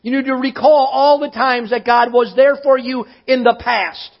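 High-voiced man preaching a sermon. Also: fairly even intonation, highs cut off. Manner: emphatic preaching, often slowing to stress words. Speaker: pastor.

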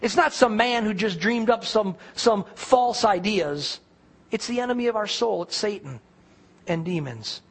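A man's voice: high voice, animated, unhurried, breathy edge. A man preaching a sermon as pastor, speaking earnestly and telling stories straight to his congregation. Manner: earnest, storytelling preacher, addresses congregation directly.

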